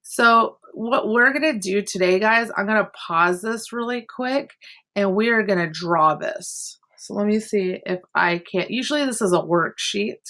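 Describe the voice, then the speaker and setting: A woman's voice: medium pitch, measured pace, a bit bright. A woman art teacher teaching an online class from home over a computer mic, explaining step by step with chatty asides. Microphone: computer mic on a video call.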